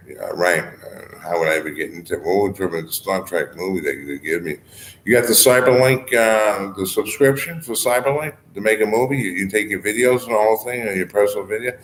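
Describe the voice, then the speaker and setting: A man's voice: lowish voice, fairly bright tone. A man talking in a rambling monologue, drifting between topics, filling his speech with "you know" and "I mean" and chuckling often. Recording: echoey room with faint ambient noise.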